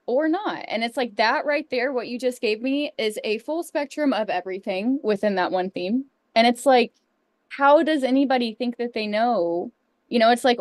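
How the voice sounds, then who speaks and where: A woman co-hosts a casual chat and gushes with enthusiasm. Her voice has an average pitch for a woman. The sound is close and dry. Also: dry recording. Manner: gushing, enthusiastic. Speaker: co-host.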